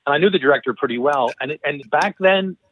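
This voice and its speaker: A former FBI profiler being interviewed, this middle-aged Philadelphia-accented man tells long, meandering anecdotes full of restarts and mid-sentence self-corrections. His voice is a little high and his pace quick. The recording is a tinny, dry phone line that is also very noisy.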